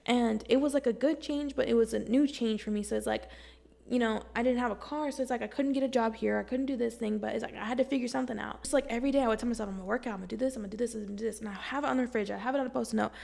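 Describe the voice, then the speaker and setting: Speaking straight to the camera at home, a young woman vlogger gives blunt, slangy self-help advice at a rapid-fire clip, swearing freely. Her slightly high voice crackles with strong, gravelly fry, and she sounds animated and casual, like she's talking to a friend.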